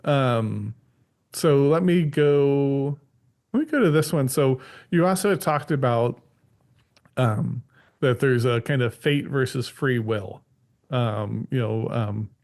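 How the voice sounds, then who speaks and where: A man's voice: medium pitch, slow pace, a little mellow. A man hosting a casual podcast conversation about writing, rambling with many restarts and acting out quoted voices. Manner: acts out quoted voices animatedly. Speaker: podcast host. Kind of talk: casual chat.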